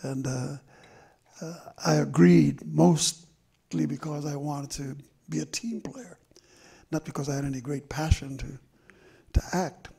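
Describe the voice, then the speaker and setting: Older man, memoir author, very raspy voice, gravelly, reflective, slow storytelling with pauses, live talk on stage. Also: a little high, warm tone. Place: stage event before an audience.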